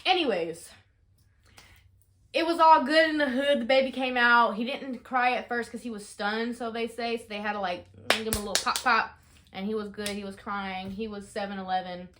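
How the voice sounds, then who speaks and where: A young woman in her twenties, telling a story casually in a vlog, chatty and full of fillers, shouting out the dramatic parts. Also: on the high side, moderate pace, a little hiss or hum. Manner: chatty, animated, lots of fillers, rises to shouting in re-enactments. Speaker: vlogger.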